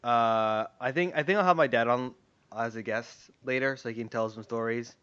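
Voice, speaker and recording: A man's voice: mid-range voice, moderate pace, fairly bright tone, clear, resonant tone, no room sound. Man, podcast host, casual chat, easygoing, dull lo-fi audio.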